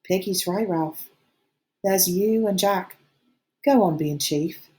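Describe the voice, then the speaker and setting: A woman voicing a shy, gentle boy who speaks quietly, in an audiobook reading. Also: on the low side, takes it slowly, pitched above the performer's own voice.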